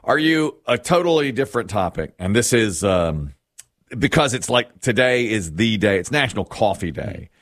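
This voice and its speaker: A middle-aged male host chats in a rambling, storytelling way, his pitch rising and falling with animation. His voice sits a bit low, and the recording is close and dry. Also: lively intonation, moderate pace, fairly bright tone, dry recording. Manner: chatty, rambling, with restarts and storytelling. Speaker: radio show host. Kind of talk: casual on-air chat.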